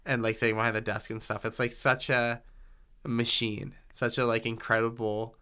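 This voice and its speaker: A man's voice: medium pitch, little pitch movement, normal speed, bright, forceful tone, clean tone. A man hosting a casual conversation, rambling with enthusiasm and joking playfully. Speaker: podcast host.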